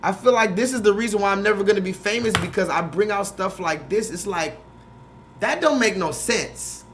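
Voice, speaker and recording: A man hosting a casual livestream, ranting with quick asides. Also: sits high, background noise. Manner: animated, rant-like, quick asides; mocking put-on voices when quoting films. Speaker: host.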